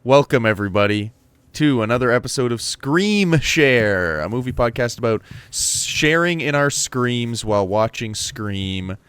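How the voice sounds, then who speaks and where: A young man co-hosting a podcast in casual chat, chatty and quick to laugh at himself. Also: medium pitch, lively intonation, a bit bright, clean tone, no room sound. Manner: chatty, laughing, self-deprecating. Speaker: podcast co-host.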